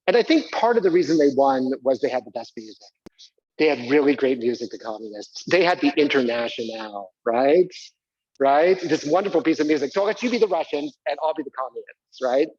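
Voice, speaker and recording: A man's voice: medium pitch, lively intonation, a little fast, darkish tone, slightly rough, no echo, lo-fi sound. A man performing a live one-man stage show, talking theatrically and prodding the audience to join in. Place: community center stage.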